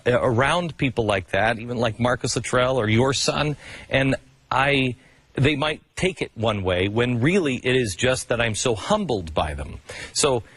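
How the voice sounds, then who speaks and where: A man's voice: mid-range voice, fairly bright tone, breathy edge, dry recording. A male radio host interviewing a guest, talking emphatically and stumbling over restarts.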